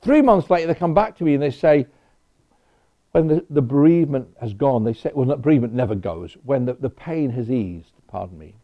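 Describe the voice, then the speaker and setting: A man's voice: mid-range voice, expressive, fairly quick. A man preaching a sermon in a conversational way, with personal asides. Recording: dull lo-fi recording.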